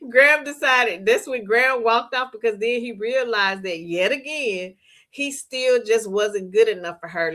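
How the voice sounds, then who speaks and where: A woman, hosting a book club discussion. She talks in a chatty, animated way, laughs often and reads viewer comments aloud. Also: on the high side. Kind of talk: casual book discussion recap.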